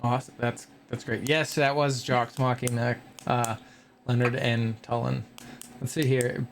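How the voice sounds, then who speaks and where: A man's voice: medium pitch, little pitch movement, a little slow, slight background noise. A man hosting a casual chat about his tabletop game group, rambling and restarting often.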